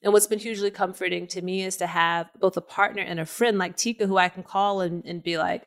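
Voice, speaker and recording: A woman's voice: on the low side, brisk, few pauses. Woman co-host in her 30s telling stories, laughs a lot, easygoing chat. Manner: animated storytelling, laughing often. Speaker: podcast co-host. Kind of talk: casual conversation.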